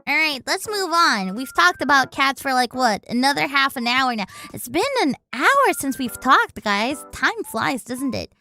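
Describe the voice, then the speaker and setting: A woman's voice: high-pitched, sing-song, measured pace, hardly any pauses, pushed and bright. A young woman streamer in casual chat, chatty and playful, mixing in Indonesian words. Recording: faint background music.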